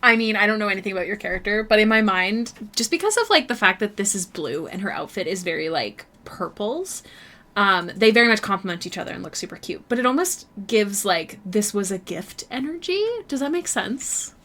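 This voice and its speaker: Drawing on stream at home, a young Canadian-accented woman talks casually with her viewers in a bubbly way, packing in fillers. Her medium-pitched voice is expressive, pushed and bright, and she speaks fairly quickly.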